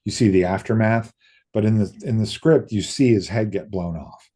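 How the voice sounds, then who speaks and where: A middle-aged makeup effects artist tells stories in a casual interview, speaking at a moderate pace in a fairly low voice. He's a lively storyteller who acts out other people's lines in quoted voices and swears casually now and then.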